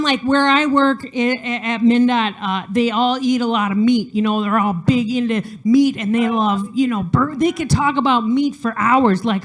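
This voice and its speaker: A woman performs a stand-up set in a chatty, self-deprecating way, full of fillers and quick restarts. Her voice sits a little higher than most women's. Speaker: stand-up comedian. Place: studio, audience not audible.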